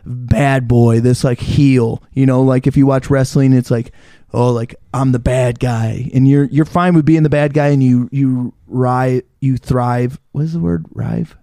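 A young man co-hosting a podcast, speaking at an ordinary pitch into a close, dry mic. He rambles in a laid-back way, trips over words and throws in quick jokes. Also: fairly even intonation, dark tone, clean tone, no echo. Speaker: podcast co-host. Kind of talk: casual chat.

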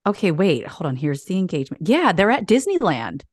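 A woman with a low voice chats as co-host on a video call, bubbly and gushing. The sound is close and dry, with no room around it. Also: big pitch swings, dry recording. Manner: bubbly and gushing, quick to laugh. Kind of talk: casual chat.

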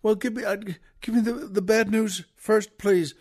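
A man's voice: high-pitched, steady tone, moderate pace, a little mellow, voice pushed up. A man voicing a panicked husband who stammers and fumbles for words as he waits for his missing wife. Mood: flustered. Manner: flustered and stammering.

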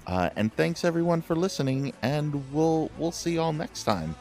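A man hosting a podcast in relaxed, rambling casual chat with many fillers. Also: on the high side, moderate pace, soft background music. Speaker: podcast host.

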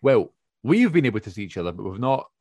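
A man's voice: lowish voice, sing-song, fast, darkish tone, no room sound. A man hosting a podcast over a video call, talking in a chatty, rambling way and laughing often. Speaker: podcast host. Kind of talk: casual chat. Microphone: remote video call.

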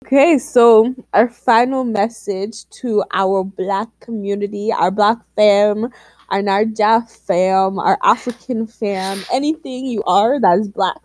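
A woman's voice: mid-range voice, slow, a little mellow, dry recording. A young woman co-hosting a podcast in casual chat, laughing often and exclaiming. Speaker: podcast co-host.

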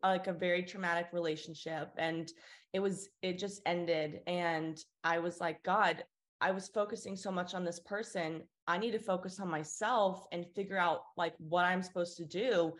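A woman's voice: on the low side, normal speed. A woman in her twenties from Florida, an interview guest earnestly telling a personal story and acting out the people in it. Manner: earnest, acts out quoted voices with lively shifts.

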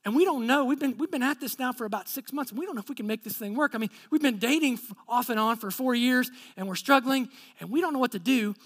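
A pastor telling a story from the pulpit in a conversational way. He acts out each person's lines, then drops low and soft when he makes his serious points. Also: fast talker, few pauses. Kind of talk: storytelling sermon.

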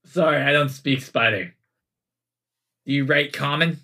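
A young man with a bright, clear voice hosts a casual gaming podcast. He talks in a loose, easygoing way and laughs often as he plays along with friends. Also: a little high, a little slow. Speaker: podcast host and player. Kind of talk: casual chat and tabletop play.

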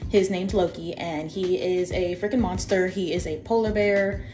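A young woman co-hosting a podcast, telling a story in a lively, chatty way. Her voice sits on the low side for a woman, and she keeps turning to talk straight to her listeners. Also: moderate pace, soft background music. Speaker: podcast co-host. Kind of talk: casual storytelling.

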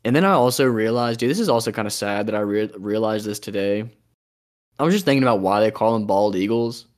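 A man's voice: lowish voice, fast talker. A young man co-hosting a podcast, chatting casually in a rambling, jokey way and often trailing off and restarting. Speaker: podcast co-host. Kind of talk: casual chat.

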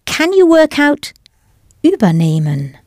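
A woman narrating a scripted audio lesson, patient and explanatory, slowly modelling pronunciation. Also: high-pitched, wildly swooping pitch, a little mellow, no echo, studio quality. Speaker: language course narrator.

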